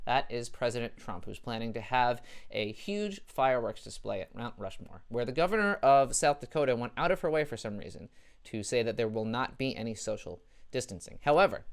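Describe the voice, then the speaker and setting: A man's voice: mid-range voice, clear, resonant tone. A young adult man hosting a comedy show, delivering a satirical news monologue with dry, sarcastic jokes.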